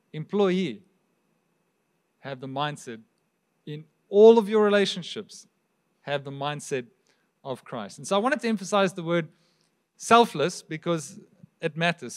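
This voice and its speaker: A man preaching a sermon as pastor, with a South African accent, talking to the congregation in an easy, conversational way and throwing out rhetorical questions. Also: on the high side. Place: church hall.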